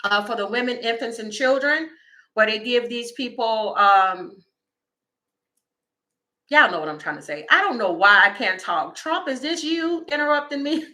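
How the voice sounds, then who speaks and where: A woman, doing a casual livestream tarot reading and talking straight to her viewers in a chatty, animated way. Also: mid-range voice. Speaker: tarot reader.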